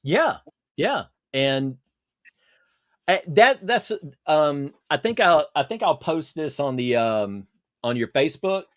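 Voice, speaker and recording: A man's voice: a little high, sing-song, takes it slowly, dry recording, studio quality. A man chatting casually as a guest on a video call, rambling with many fillers and restarts. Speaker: podcast guest.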